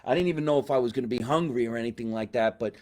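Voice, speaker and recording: A man hosting a live comedy show from a basement, a loud, hammy showman who swings between big excitement and asides. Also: medium pitch, rapid-fire. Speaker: podcast host.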